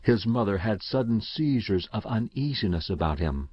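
Husky male audiobook narrator. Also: lowish voice, expressive, moderate pace, no echo. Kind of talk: audiobook reading. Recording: dull, dry recording.

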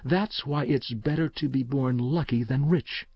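A man voicing a weary mother who speaks slowly and bitterly, his voice lifted a little. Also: mid-range voice, no echo, lo-fi sound, pitched above the performer's own voice. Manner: slow and bitter.

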